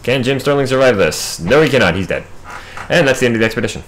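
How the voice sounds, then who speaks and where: A man's voice: medium pitch, expressive, quick pace, fairly bright tone, a little hiss or hum. A man hosting a gaming video, talking through his game in a casual, wry running commentary.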